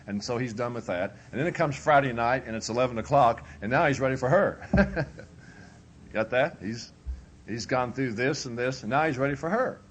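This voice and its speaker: A preacher leads a marriage workshop in a folksy, joking way, slipping into the voices of a husband and a wife. His voice sits in an ordinary middle pitch. A faint hiss of noise runs under the recording. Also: normal speed. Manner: humorous, conversational, acts out both spouses.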